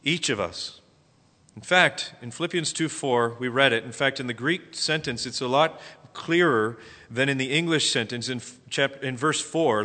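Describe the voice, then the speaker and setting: A man preaching a sermon as pastor, animated, often acting out quotes. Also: medium pitch, moderate pace. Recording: long hall reverb.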